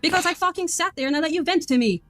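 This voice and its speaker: A woman's voice: extremely high pitch, rapid-fire, no room sound, faint music behind. A woman on a group voice call, blunt and confrontational, laying out her case sarcastically. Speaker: caller confronting another.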